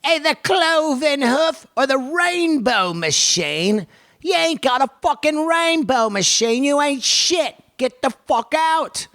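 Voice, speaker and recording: Man doing a high-pitched, foul-mouthed British gear snob, sneering and insulting, in a dry room. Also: lively intonation, takes it slowly, pushed and bright, dry recording, heavily acted. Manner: profane, insulting, scornful.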